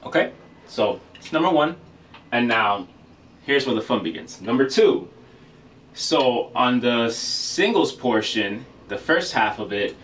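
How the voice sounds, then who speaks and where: A man giving a casual drum lesson, relaxed and chatty, with many fillers and frequent checks of "okay?". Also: medium pitch. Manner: relaxed, filler-heavy, says "okay?" often. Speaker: drum teacher. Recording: distant mic with faint noise.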